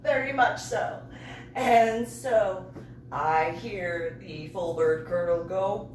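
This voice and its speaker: A woman reverend telling funny personal stories in an animated way, laughing and making sound-effect voices. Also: fairly low pitch, takes it slowly, very noisy. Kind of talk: comedic personal storytelling. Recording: roomy room, distant mic.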